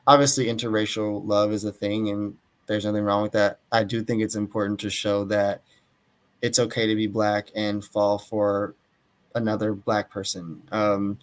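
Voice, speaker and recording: Low-voiced young man, losing his voice. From Atlanta, Georgia. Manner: thoughtful, hedging, frequent fillers. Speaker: author guest. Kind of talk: casual interview talk.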